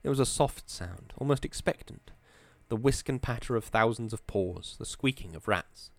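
A man narrating a story as an audiobook, in a steady, measured way. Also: mid-range voice, vocal fry, no room sound.

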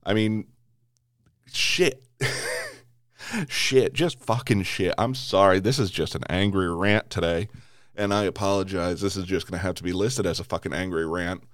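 A man's voice: sits low, normal speed, no room sound. A man hosting a podcast, delivering an angry political rant full of swearing and stumbling restarts. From United States. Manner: heavy swearing, repeated restarts.

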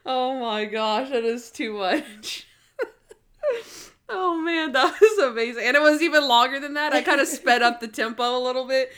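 Animated woman chatting about a TV episode. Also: high-pitched, normal speed, clean tone. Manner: animated, acts out characters' lines in quotes, laughs often. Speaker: podcast co-host. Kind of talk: casual chat reviewing a TV episode.

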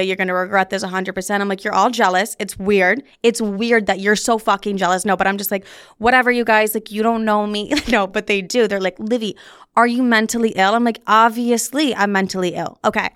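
A woman's voice: mid-range voice, a bit bright, clean tone, no room sound, clean studio sound. A young woman hosting a podcast, telling a personal story in a chatty, profane way full of "like". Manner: chatty, profane, frequent "like" filler. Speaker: podcast host. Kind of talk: casual storytelling. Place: studio.

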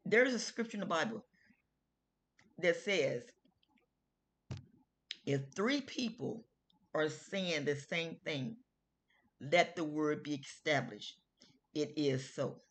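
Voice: mid-range voice, sharp tone. A middle-aged health video host who tells a personal story in a casual, earnest way, with informal grammar and frequent restarts.

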